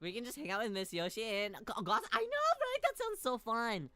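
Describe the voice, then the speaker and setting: A woman's voice: sing-song, brisk, a bit bright, no room sound, soft background music. A woman streamer playing a visual novel, reading its lines aloud and joking around in a playful, giggly way. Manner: playful and giggly, jumps into sudden high squeals. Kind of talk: casual let's-play commentary, reading dialogue aloud.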